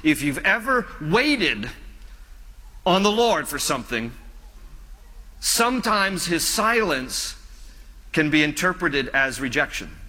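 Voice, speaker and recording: A male pastor preaching a sermon in an earnest, pleading way, slowing down and dropping softer on key phrases. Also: fairly high pitch, big pitch swings, long reverb tail.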